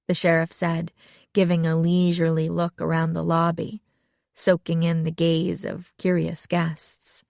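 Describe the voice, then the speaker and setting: A woman narrating an audiobook in lively storytelling. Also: fairly low pitch, a little slow, vocal fry, no room sound, studio quality. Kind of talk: scripted narration.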